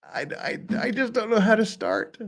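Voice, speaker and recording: Rambling joking man, lively pitch. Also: normal speed. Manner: rambling, joking, many restarts. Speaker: streamer host. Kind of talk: casual live-stream chat. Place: lives in Korea.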